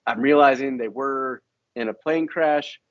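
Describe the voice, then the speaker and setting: A man co-hosting a podcast in casual, expressive chat. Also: medium pitch, measured pace, dry recording, lo-fi sound. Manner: expressive, chatty, lots of fillers. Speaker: podcast co-host.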